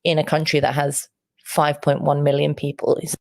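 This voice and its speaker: A woman giving earnest, measured commentary in a news interview, with a few restarts. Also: low-pitched, monotone, creaky, darkish tone, no echo.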